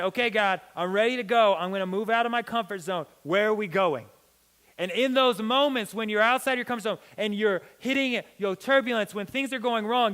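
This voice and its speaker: A young man giving a youth sermon as a pastor, telling a story with lively acted-out dialogue. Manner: animated, acts out quoted dialogue with big pitch swings. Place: church hall. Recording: long hall reverb.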